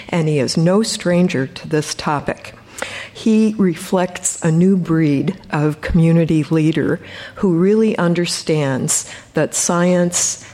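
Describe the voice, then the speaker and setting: Low-pitched woman, conference host, formal intro, measured delivery with filler pauses. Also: darkish tone.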